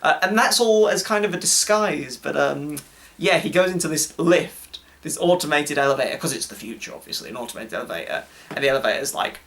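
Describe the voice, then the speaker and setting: Chatty laughing man, fairly high voice. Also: animated, brisk, a bit bright. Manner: chatty, laughing, swears, mimics characters. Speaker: co-host. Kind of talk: casual chat.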